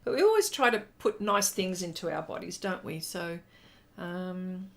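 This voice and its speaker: A middle-aged woman artist who lives in Texas hosts a livestream, reading viewers' comments aloud and chatting back with plenty of fillers while she draws. Her lowish voice is expressive, gravelly, and a bit bright, at a moderate pace.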